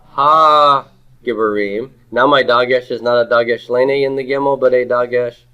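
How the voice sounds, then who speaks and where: A man's voice: mid-range voice, monotone, brisk, clean tone. Man teaching a grammar class, asking questions. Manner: drills students, asks questions and repeats their answers. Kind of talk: classroom lecture with student questions. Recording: slightly dull lo-fi classroom recording.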